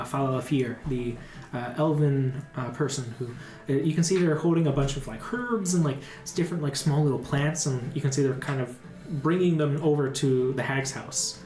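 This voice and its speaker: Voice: medium pitch, moderate pace, a little mellow, echoey room, faint music behind. A dungeon master narrating a tabletop game, rambling with many fillers and restarts.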